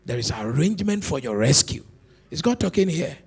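A male pastor delivers an animated sermon, his high voice full of swoops and swings between shouts and hushed asides. The tone is husky and gravelly, and he repeats words to drive points home. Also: brisk. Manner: animated preaching, swinging from loud shouts to low murmurs.

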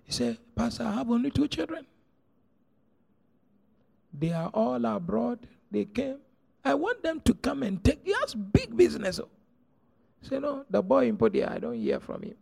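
A middle-aged man, preaching a sermon as pastor, telling stories and swinging from hushed to shouted. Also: very high-pitched, wildly swooping pitch, moderate pace, creaky, pauses often, slightly rough.

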